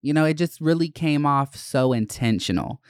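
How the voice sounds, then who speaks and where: A young adult podcast host telling a personal story in casual, profane monologue, acting out the other people in higher voices. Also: lively intonation, normal speed, dry recording, studio quality.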